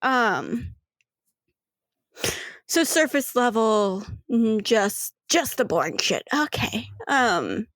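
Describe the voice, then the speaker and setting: A woman voicing a calm, stern young woman who questions people quietly and teasingly in a tabletop role-play. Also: on the high side, extremely slow, no echo, clean studio sound, full character voice. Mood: calm probing. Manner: soft-spoken, probing, lightly teasing.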